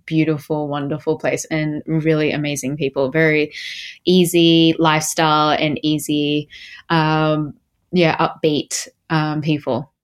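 Invitée australienne, jeune femme, voix plutôt grave, parle de façon détendue avec beaucoup d'hésitations. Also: female voice, sits low, flat delivery, a little slow, smooth. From Australia (Melbourne). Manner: chatty, many fillers and restarts, laughs easily. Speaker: guest, model. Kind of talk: casual interview chat.

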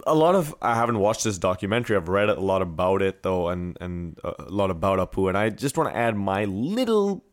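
A man's voice: low voice, a little fast, hardly any pauses. A man from India co-hosting a podcast, chatting casually and playfully. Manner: animated, playful with points game. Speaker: podcast co-host. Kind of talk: casual chat.

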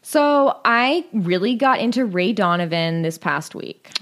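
A woman's voice: medium pitch, lively intonation, measured pace, a bit bright. A young woman co-hosting a podcast, chatty and gushing, full of "like" fillers. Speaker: podcast co-host. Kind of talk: casual chat.

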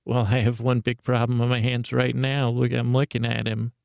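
A man's voice: mid-range voice, little pitch movement, normal speed, creaky, a little mellow, no room sound, studio quality, natural voice. A man voicing a blunt, skeptical old grandmother with curt, disapproving retorts in an improvised comedy bit. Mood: grumpy.

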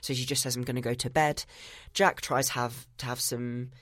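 A man's voice: mid-range voice, fairly even intonation, moderate pace, fairly bright tone, no room sound, clean studio sound. A man co-hosting a podcast in casual chat, walking through a film's plot scene by scene and quoting the characters. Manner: retells film scenes step by step, quoting characters. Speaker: podcast co-host. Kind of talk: casual film recap chat.

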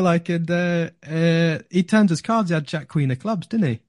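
A man, a podcast guest telling a story in a casual, animated way, laughing often and repeating words when excited. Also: a little high, moderate pace, no room sound, clean studio sound.

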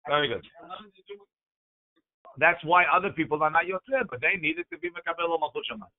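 A man's voice: on the high side, huge pitch swings, brisk, vocal fry, pauses often. A man teaching a Talmud class, reading the Aramaic text aloud and explaining it line by line in English. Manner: talks through the text with frequent "right?" checks. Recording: tinny phone-like recording.

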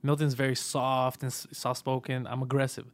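A man's voice: medium pitch, flat delivery, moderate pace. A man from Montreal, a comedian guest, telling a story in casual, profane chat and acting out the other people's voices. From Montreal, Canada.

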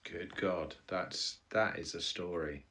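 A man, a comedy podcast co-host speaking in casual chat with deadpan, earnest asides. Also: low-pitched, slow.

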